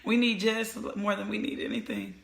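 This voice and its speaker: A woman's voice: medium pitch, sing-song, normal speed, gravelly, reverberant. A woman hosting a casual live-streamed talk show, effusively greeting viewers by name. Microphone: webcam or phone camera.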